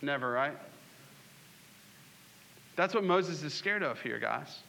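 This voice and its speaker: A man's voice: on the high side, expressive, slow, vocal fry, sharp tone. A man preaching a sermon, asking the congregation questions and acting out scripture scenes. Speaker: pastor.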